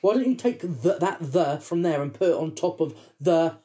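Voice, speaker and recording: Animated, profane man telling stories. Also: on the high side, normal speed. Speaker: podcast co-host. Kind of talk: casual chat.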